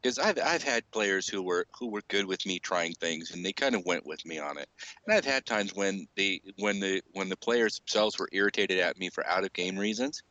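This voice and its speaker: A man in a casual podcast chat who explains his views in a measured way. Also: low voice, expressive, sharp tone, no room sound, highs cut off.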